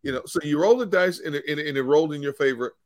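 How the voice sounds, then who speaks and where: A man's voice: a little high, fast talker, dry recording. Male football analyst, dry close sound. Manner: earnest explainer, repeats points. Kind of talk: sports analysis on a talk show.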